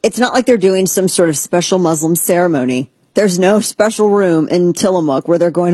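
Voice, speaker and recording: A woman's voice: on the low side, moderate pace, hardly any pauses, warm tone, husky, dry recording. A woman hosting a talk show, giving blunt, sarcastic, rambling commentary. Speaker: podcast host. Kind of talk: opinionated casual commentary.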